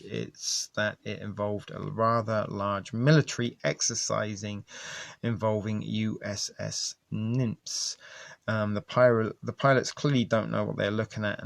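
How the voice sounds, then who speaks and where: A man reading articles aloud and commenting in a casual, halting way, with many ums and restarts. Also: on the low side, gravelly, fairly bright tone. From England. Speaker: video host.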